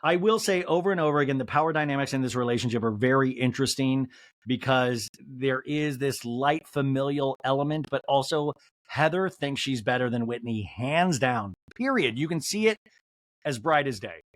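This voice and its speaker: A man hosting a comedy podcast, recapping a reality show episode and acting out the cast members' lines in quick put-on voices. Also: mid-range voice, no echo. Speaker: podcast host.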